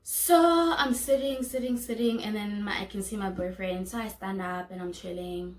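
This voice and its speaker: Speaking at normal speed with a medium-pitched voice, a young South African woman with a matching accent shares a personal story on her vlog. She voices the other people in it, and the room sounds echoey.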